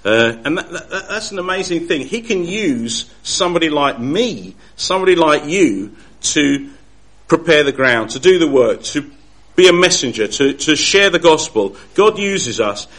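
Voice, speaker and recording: A man teaches through a passage of scripture in an earnest, unpolished way, often stumbling and restarting mid-sentence. His voice sits a little higher than most men's. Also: sing-song, fairly bright tone. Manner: earnest, halting with frequent restarts. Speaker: Bible teacher. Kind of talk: Bible study talk.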